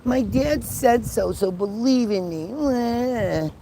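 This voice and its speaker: A man's voice: very high-pitched, warm tone, slight background noise, voice pushed up, exaggerated voice. A man mocking a whiny, needy preacher who begs people to believe in him. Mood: mocking whine. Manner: whining, drawn-out mockery.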